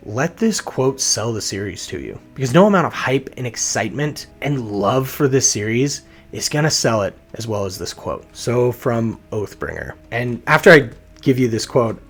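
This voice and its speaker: A man's voice: medium pitch, a bit bright. Earnest emotional man talking books. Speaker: book reviewer. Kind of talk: casual book talk.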